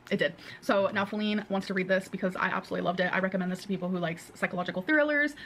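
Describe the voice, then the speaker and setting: A woman's voice: mid-range voice, very fast, a bit bright, slight background noise. A woman vlogger chatting to camera with rambling personal updates, heard as a clip played on a stream. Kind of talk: casual vlog talk to camera.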